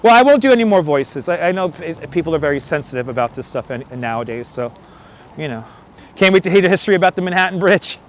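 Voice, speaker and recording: A man speaking fast in an expressive voice on the high side walks a windy city bridge while live-streaming. Over city traffic and passing subway trains, he jokes, chats and reads viewer comments aloud into a wireless lapel mic.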